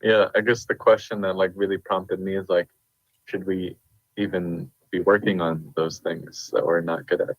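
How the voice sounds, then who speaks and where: A man's voice: deep voice, level tone, moderate pace, no echo, highs cut off. A man co-hosting a radio talk show, chatting casually in a joking, playful way. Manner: joking, playful, laughs easily. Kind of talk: casual chat.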